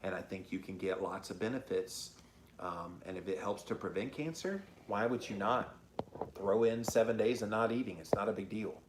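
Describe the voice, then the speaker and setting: A man with a lowish voice hosts a casual livestream, reading viewer comments aloud and answering them. He talks in an upbeat, chatty way, dotted with ums. The room echoes around him with a faint hiss. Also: normal speed. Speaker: host of a diet livestream. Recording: roomy echo.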